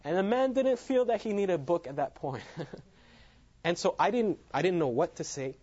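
A man's voice: sits high, animated, normal speed, darkish tone, slightly rough. A man giving a sermon as he tells a personal story, laughing often at his own lines. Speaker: preacher. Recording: dull lo-fi sound.

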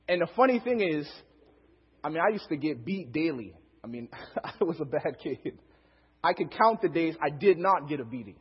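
A man's voice: fairly high pitch, lively intonation, normal speed, breathy edge, long reverb tail, highs cut off. A young male preacher telling a personal story as a sermon, acting out the quotes and laughing often.

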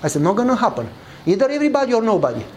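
A man's voice: very fast, a little hiss or hum, poor audio. Man telling a story in English. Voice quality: non-native English grammar. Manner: animated storyteller, acting out dialogue with changing pitch. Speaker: pastor. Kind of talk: sermon storytelling.

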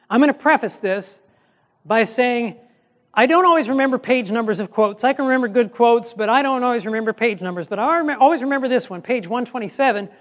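A pastor teaching a Bible study in sermon style, earnest and emphatic, often restarting his sentences. His voice sits unusually high for a man. It rings out with a long reverb, as in a large hall.

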